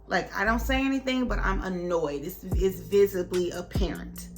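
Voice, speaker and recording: A young woman tells a story to her camera in a casual, lively way, acting out each quoted line with plenty of drama. Her voice sits in a medium range, and soft music plays underneath. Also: mid-range voice, normal speed, hardly any pauses. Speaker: vlogger.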